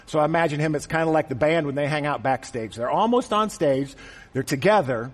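A man's voice: fairly high pitch, a little fast, in a large hall. A man preaching a conversational, joking sermon to a congregation in a church. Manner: conversational and joking, acts out quotes. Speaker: pastor. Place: church auditorium.

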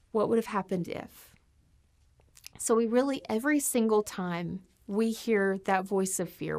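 A woman preaching a sermon with passion, her voice surging to emphatic peaks and then dropping to hushed asides. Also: medium pitch.

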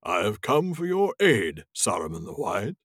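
Man reading as a wise old wizard, slow, measured, low voice, dry sound. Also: sing-song, fairly bright tone, husky, dry recording, exaggerated voice. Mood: earnest. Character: wise old male wizard, weary and earnest. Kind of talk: reading a novel aloud in character voices.

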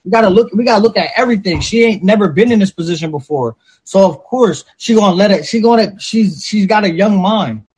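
A man talking casually as a podcast co-host, animated and profane, acting out little quotes as he argues his point. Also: sits high, a little fast, few pauses, husky. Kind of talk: casual chat.

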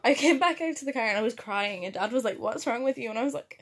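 A woman's voice: a little high, fast talker, slightly rough. A young woman, co-hosting a casual chat and telling stories with frequent laughter. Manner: laughs often, animated storytelling. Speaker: podcast co-host.

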